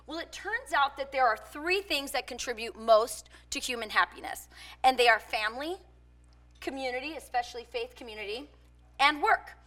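A woman's voice: sits high, expressive, normal speed, bright, forceful tone. A woman in her forties giving a public talk, mixing personal stories with points, conversational with frequent fillers. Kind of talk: public speech with personal anecdotes.

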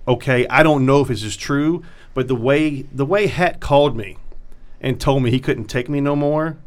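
A man's voice: medium pitch, moderate pace. Male comic, casual podcast storyteller, swears a lot, voices the people in his story. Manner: profane, animated storyteller acting out quotes. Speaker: comedian.

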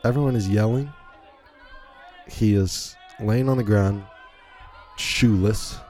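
A man's voice: mid-range voice, mellow. A man hosting a podcast, giving incredulous, rambling play-by-play commentary on a video in a casual way. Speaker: podcast host.

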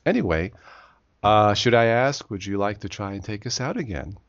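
A man's voice: fairly low pitch, animated, normal speed, no room sound, lo-fi sound. A man hosting a podcast in casual chat, joking and rambling with frequent laughs. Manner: jokey, rambling, laughs often. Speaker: podcast host.

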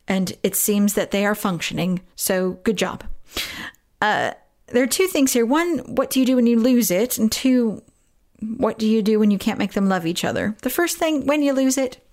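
A woman hosting a podcast, answering a parent's question with earnest, encouraging advice, pausing often to think. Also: mid-range voice. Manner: earnest, encouraging, with thoughtful pauses and fillers. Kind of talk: warm casual advice talk.

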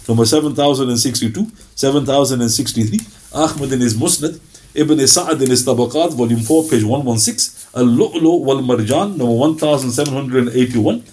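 A man's voice: mid-range voice, normal speed, darkish tone. A middle-aged man teaching Islamic history in a lecture, who reads out lists of references steadily and acts out small exchanges of dialogue. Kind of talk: recorded religious lecture with Quran recitation.

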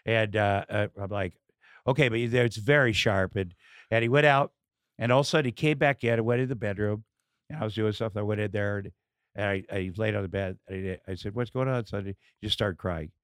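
A middle-aged man, a comedian and podcast guest, in casual chat, telling candid stories with halting fillers and acted-out dialogue. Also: fairly low pitch, smooth, dry recording, studio quality.

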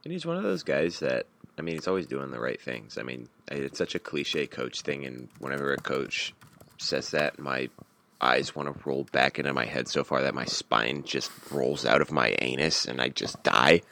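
A man co-hosting a casual sports podcast, talking in a blunt, wry way that builds into animated rants. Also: rumbling low, moderate pace, creaky, slight background noise. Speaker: podcast co-host.

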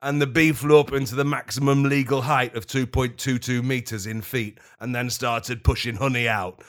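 A young man in casual comedic chat, reading absurd stories deadpan and giggling. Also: mid-range voice, moderate pace. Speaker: podcast co-host.

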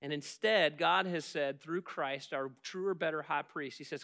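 A man preaching a sermon as pastor, animated as he acts out Bible scenes and dropping soft when leading prayer. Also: a little high, measured pace, gravelly.

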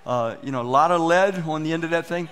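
Pastor guy preaching in church, acts out his little stories, slightly high voice. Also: fast, slight background noise. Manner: animated storytelling, acts out quoted exchanges. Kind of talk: sermon.

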